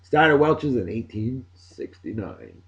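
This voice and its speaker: A man's voice: medium pitch, big pitch swings, slow pace, muffled recording. A man hosting a casual beer and music vlog, talking in a boisterous, crude, showman-like way. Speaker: host.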